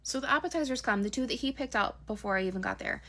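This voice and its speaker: A woman's voice: fairly high pitch, lively intonation, quick pace, bright, forceful tone. A young woman casually telling a dating story, chatty and exasperated, peppering her talk with "like". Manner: chatty, exasperated retelling with lots of "like".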